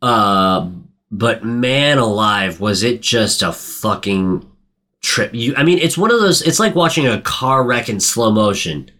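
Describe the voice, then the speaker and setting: A man's voice: on the low side, animated, a little slow, sharp tone. A man in casual chat, recapping a movie in a rambling, profane way and acting out its lines. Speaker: podcast co-host recapping a movie.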